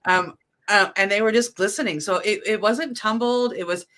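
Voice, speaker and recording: A woman chatting casually over a video call, relaxed and blunt, swearing now and then. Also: mid-range voice, moderate pace. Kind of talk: casual chat.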